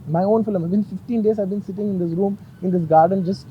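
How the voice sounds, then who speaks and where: Earnest man at a press conference, emotional and insistent, rapid delivery, slightly higher voice. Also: steady tone, lo-fi sound, a little hiss or hum. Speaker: film actor at a press conference.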